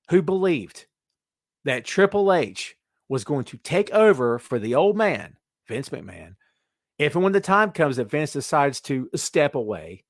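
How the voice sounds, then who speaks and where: Animated, higher-pitched male podcast host. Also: dry recording, studio quality. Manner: emphatic, addresses listeners as kids. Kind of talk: opinionated live-stream commentary.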